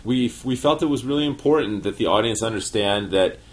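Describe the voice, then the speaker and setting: A middle-aged man co-hosting a casual podcast chat, measured and given to hesitant restarts. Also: on the low side. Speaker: podcast co-host, show writer.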